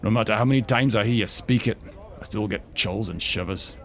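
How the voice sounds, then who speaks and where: A man voicing an old, gruff male dwarf warrior who is a stern grandfather. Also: fairly low pitch, a little fast, voice pushed up, natural voice.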